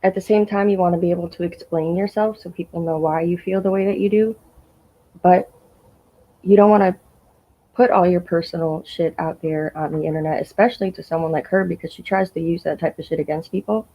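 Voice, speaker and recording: A woman with a low, gravelly, husky voice speaks as a guest in a casual livestream chat. She talks frankly and emphatically and swears now and then. Her voice comes through muffled lo-fi call audio. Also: fairly even intonation, fairly quick.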